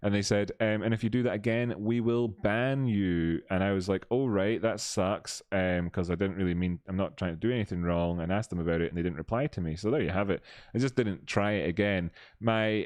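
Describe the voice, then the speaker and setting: Brief: low-voiced male live-stream host, loose and rambling, dry close sound. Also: a little mellow, no room sound. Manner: loose, thinking aloud with many fillers. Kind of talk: live-stream chat and chart analysis.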